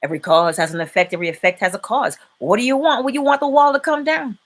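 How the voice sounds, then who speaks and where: A woman hosting a live-stream inspirational talk, preaching in an animated way and laughing often. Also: fairly high pitch, fast talker. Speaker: inspirational speaker and host.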